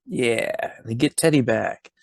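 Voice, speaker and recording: A man's voice: mid-range voice, slow, creaky, no echo, studio quality. A young man co-hosting a podcast, adding sarcastic jokes to a movie recap. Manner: joking, sarcastic, swears. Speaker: podcast co-host. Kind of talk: casual movie recap chat.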